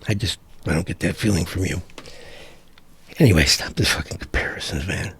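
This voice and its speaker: Gravelly, husky man ranting. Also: deep voice, a little fast, a bit bright. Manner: profane, exasperated, rambling with restarts. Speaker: vlogger. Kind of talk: ranting commentary vlog.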